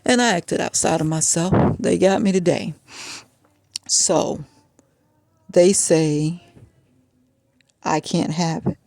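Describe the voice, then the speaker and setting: Woman, mid pitch, gravelly; frustrated vlog rant, dry close sound. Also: fairly even intonation, takes it slowly, pauses often, a little mellow, no room sound. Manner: agitated, frustrated storytelling.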